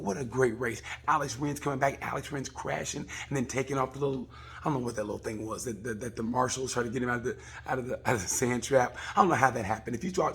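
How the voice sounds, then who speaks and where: A man, a comedian, rambling through a casual comic review of a race, swearing and acting out people in quick asides. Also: medium pitch, fairly bright tone, husky. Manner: rambling, profane, acts out voices in quick asides.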